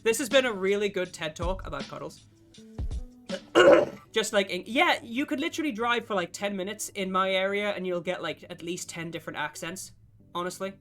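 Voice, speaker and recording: A man's voice: sits high, normal speed, a bit bright. A man, chatting casually and profanely with his stream chat while getting over a cough. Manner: rambling, profane and jokey, answers chat. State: lingering cough. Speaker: game streamer. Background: guitar music playing.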